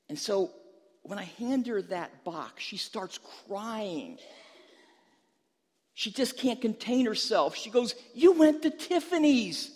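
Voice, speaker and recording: A man's voice: sits high, in a large hall. A male pastor preaching a sermon, telling a humorous story and then pressing an emphatic question to the listeners.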